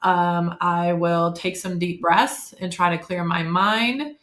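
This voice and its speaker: Slow and fairly even in intonation, this fifties-aged podcast guest has a fairly low, slightly bright voice. She chats openly in a relaxed interview, often using fillers and correcting herself, and the room echoes.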